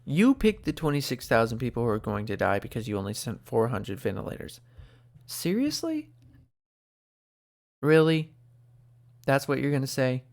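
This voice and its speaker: A man hosting an opinionated commentary show, animated and sarcastic, talking close to the microphone. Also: mid-range voice, fast, gravelly, few pauses. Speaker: host.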